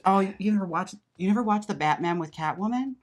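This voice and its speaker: A drag performer hosting a casual chat, playful and joking, laughing often. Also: female voice, mid-range voice, animated, fast talker. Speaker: drag performer, channel host.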